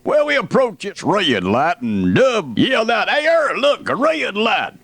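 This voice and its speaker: A man's voice: high voice, wildly swooping pitch, unhurried, a bit bright, dry recording, heavily acted. A man playing an indignant folksy redneck who rants about dumb neighbors. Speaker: radio comedian.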